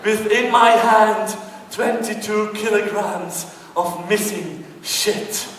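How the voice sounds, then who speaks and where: Male stand-up comic from Britain, high voice, slow delivery, heard from far off in a reverberant hall. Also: flat delivery, a bit bright, slight background noise. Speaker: stand-up comedian. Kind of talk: stand-up comedy monologue on stage. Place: theatre stage before an audience. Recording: distant, echoey hall with long reverb.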